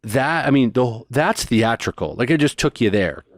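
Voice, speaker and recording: A man telling a story as a guest in a conversation, animated and rushing through details. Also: mid-range voice, no echo. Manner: animated, fast bursts of detail.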